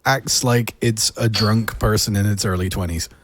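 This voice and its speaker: Cursing guy from england, stammery starts, casual podcast chat, clear background noise. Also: fairly low pitch, fairly even intonation, moderate pace, fairly bright tone. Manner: profane, emphatic, stammers when starting. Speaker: guest producer.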